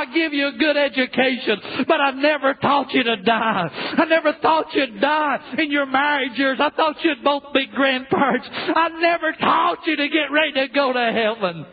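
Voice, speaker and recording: A male preacher playing a regretful father lamenting from hell, with a halting, pleading, mournful delivery. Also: very high voice, voice pushed up. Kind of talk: dramatic sermon reading. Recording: tinny lo-fi phone-like recording.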